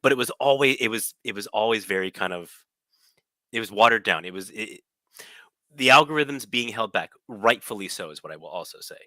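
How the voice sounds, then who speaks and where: A man's voice: lowish voice, lively intonation, brisk, bright, forceful tone, dry recording. A man co-hosting a podcast, talking casually and thoughtfully, qualifying himself and restarting sentences. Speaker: podcast co-host. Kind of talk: casual chat.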